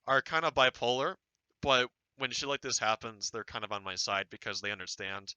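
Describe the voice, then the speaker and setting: A young man chatting on a voice call, blunt and swearing freely, his sentences often trailing off quietly. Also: mid-range voice, fairly quick, smooth, no echo, rough recording. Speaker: roleplay group leader. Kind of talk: casual voice chat.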